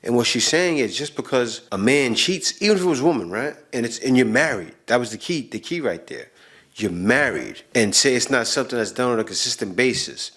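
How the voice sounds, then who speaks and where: A man's voice: mid-range voice, animated, brisk, a bit bright, breathy edge. A man hosting a channel, reacting to clips in casual, emphatic commentary and often repeating himself.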